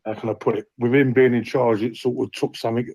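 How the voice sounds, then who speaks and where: A man's voice: mid-range voice, level tone, quick pace, gravelly, darkish tone, slightly rough, no room sound, low-quality recording. A man calling into a live fan show, talking in a rambling, frank way and swearing freely. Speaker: caller. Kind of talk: phone-in chat.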